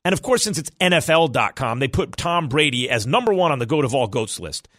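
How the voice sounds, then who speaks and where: A man hosting a sports talk radio show, arguing his opinions in a fast, animated, self-correcting way. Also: medium pitch, no room sound, clean studio sound.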